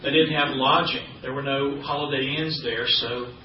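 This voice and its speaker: A man's voice: medium pitch, fairly even intonation, moderate pace, a little hiss or hum. A man preaching a sermon in a church, teaching in a conversational way with folksy asides. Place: church sanctuary. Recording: roomy, distant, dull church recording.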